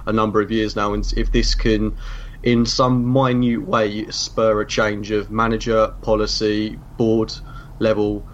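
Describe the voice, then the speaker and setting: A man guest talking about his documentary in a measured, hesitant way, on a muffled remote line. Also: lowish voice, level tone. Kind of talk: casual interview chat.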